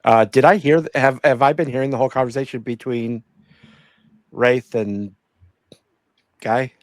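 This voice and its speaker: A man at a tabletop game fires off quick, loud questions in casual chat. His voice is mid-pitched and recorded dry and close. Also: fairly even intonation, no echo. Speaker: player. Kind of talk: tabletop role-play chat.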